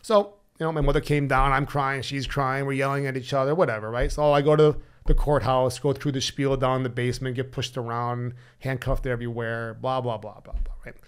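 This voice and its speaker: A man's voice: medium pitch, level tone, brisk, few pauses, clean tone. A man guest on a podcast telling his own story bluntly and animatedly, swearing freely and acting out remembered dialogue. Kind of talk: candid personal storytelling.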